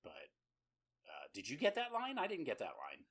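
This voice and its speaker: A husky-voiced man with a forceful edge rambles through a movie recap, cursing freely and laughing along the way. His pitch swings widely as he tells it. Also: huge pitch swings, normal speed. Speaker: podcast co-host. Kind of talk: casual chat recapping a horror movie.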